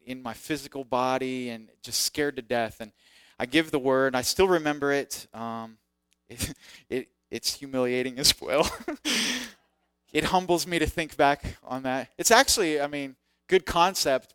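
A preacher shares his testimony through sermon storytelling, poking fun at himself and animatedly acting out the voices in his story. His medium-pitched voice is clear and resonant. The recording is studio quality with no room sound.

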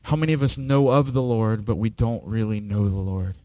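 Man preaching slowly with dramatic swings. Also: on the low side, fairly even intonation, no echo, clean studio sound. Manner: slow, dramatic preaching that swings from soft to loud. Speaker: pastor. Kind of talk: sermon.

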